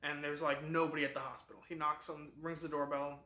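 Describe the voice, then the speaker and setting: A man's voice: a little high, flat delivery, quick pace, sharp tone, reverberant. A man hosting a book club, giving a casual, rambling summary of a novel with many fillers and restarts.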